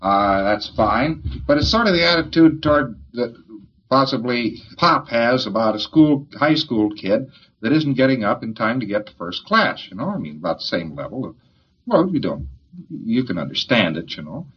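Husky man giving a folksy lecture. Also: mid-range voice, big pitch swings, normal speed, lo-fi sound. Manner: folksy, joking, rambling. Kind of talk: informal lecture to an audience.

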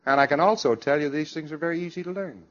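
A man's voice: a little high, quick pace, fairly bright tone, lo-fi sound. A man giving an emphatic lecture to a congress audience, with wry, sarcastic asides.

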